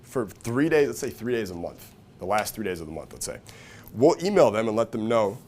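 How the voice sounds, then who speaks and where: A man with a lower-than-average voice runs a casual, profane seminar, constantly checking in with the audience. He jumps into loud, high-pitched impressions when quoting people. Faint room noise sits under the recording. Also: a little fast. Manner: profane, energetic, keeps checking in with "right?" and "okay?"; acts out quoted voices with big jumps in pitch and volume. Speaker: seminar speaker. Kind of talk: live seminar talk to an audience.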